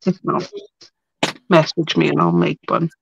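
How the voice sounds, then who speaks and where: A woman's voice: sits low, very animated, measured pace, vocal fry, lo-fi sound, noisy background. A woman hosting a casual crafting livestream, talking half to herself as she works. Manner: muttering to herself while working. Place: home craft room.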